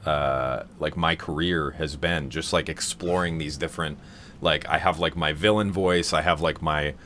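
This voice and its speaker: A man with a very low voice talks casually on a live stream, wandering through his thoughts with plenty of fillers and restarts. A faint hiss of noise sits under his voice. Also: fairly even intonation, moderate pace, fairly bright tone. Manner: rambling, many fillers and restarts. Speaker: streamer hosting a vocal seminar.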